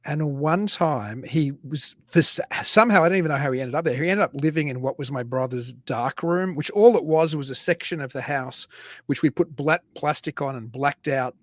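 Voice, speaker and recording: A man with a voice pitched a touch high chats on a podcast and tells his stories with animated energy. He leans into the voices of the people he describes. The recording is close and dry. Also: normal speed, no room sound. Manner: animated storyteller, acts out voices loudly. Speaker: podcast co-host. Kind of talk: casual chat.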